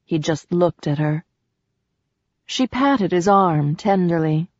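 Brief: woman audiobook narrator, even sensual delivery, close dry booth sound. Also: lowish voice, slow, pauses often, no echo. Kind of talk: scripted narration. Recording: dull dry recording.

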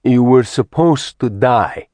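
A man's voice: mid-range voice, slow, darkish tone, no echo, voice pushed up, natural voice. Man doing arrogant demon lord, cold gloating threats, audiobook, dry recording.

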